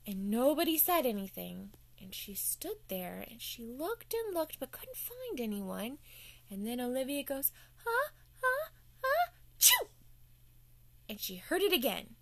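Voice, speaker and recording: A woman's voice: fairly high pitch, no room sound. A woman telling a playful bedtime story to children as the show's host.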